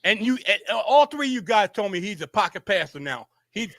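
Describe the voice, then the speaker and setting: Hosting a sports show in front of a camera, a man argues in a heated, insistent way, repeats himself, and keeps stammering to restart sentences. He talks briskly in a high, fairly bright voice with big pitch swings, and there's no room sound.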